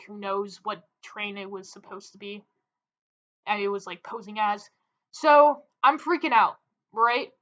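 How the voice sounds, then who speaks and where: A young woman tells a story to the camera, chatty and animated, with lots of "like" in her speech. Her voice sits high, and the recording sounds a little dull and lo-fi. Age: young adult. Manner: chatty, filler-heavy, animated. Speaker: vlogger. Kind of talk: casual storytelling.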